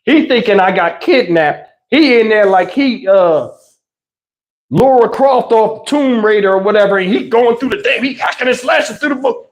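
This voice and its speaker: A man's voice: sits high, moderate pace. A man hosting a livestream, telling a childhood story in casual slangy talk and acting out the voices, on a lapel mic. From New Jersey. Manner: animated, slangy, acts out voices. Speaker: host. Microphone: wireless lapel.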